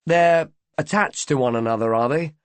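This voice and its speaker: A man's voice: a little high, moderate pace, clear, resonant tone, no echo, voice pushed up, natural voice. A man reading an audiobook, voicing a polite young man who answers casually and guardedly.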